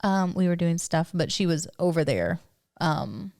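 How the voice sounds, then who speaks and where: A young woman with a drawl chats easily on a podcast, slow to get to the point and full of fillers. Her voice sits low for a woman. The sound is dry and close, with no room echo. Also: lively intonation, creaky, darkish tone. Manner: easygoing, laughs often, drawling fillers. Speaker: podcast co-host. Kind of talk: casual chat.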